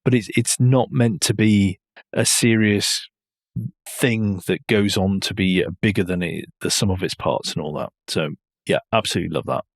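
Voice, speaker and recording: Male podcast co-host, casual and rambling, lowish voice, dry close sound. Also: normal speed, dry recording. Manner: chatty, rambling, laughs often. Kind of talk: casual chat.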